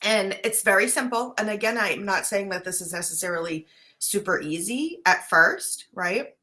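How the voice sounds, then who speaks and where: A life coach talks casually to her viewers in a medium-pitched, expressive voice that's bright and forceful at a normal speed. She's earnest and chatty, often checking in with "right?", and now and then she briefly chokes up as she speaks to the camera.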